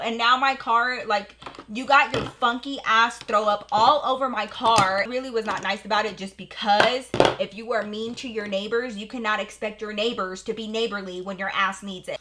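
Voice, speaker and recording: A woman beauty vlogger telling a story while doing her makeup at home, in an animated, profane, slangy way. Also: a little high, normal speed, slight background noise. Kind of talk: get-ready-with-me storytime.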